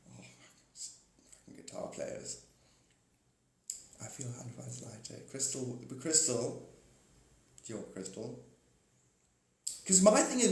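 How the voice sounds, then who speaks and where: A man's voice: medium pitch, darkish tone. A man hosting a live stream, rambling about spiritual ideas with playful wordplay, chuckling often and talking to viewers by name. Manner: speaks straight to viewers by name. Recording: roomy echo.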